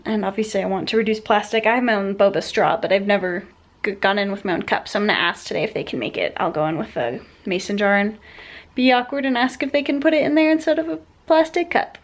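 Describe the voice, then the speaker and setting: A young woman vlogging casually to her camera, chatty and bubbly, rambling through her day. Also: a little high. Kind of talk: casual vlog talking to camera. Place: at home indoors.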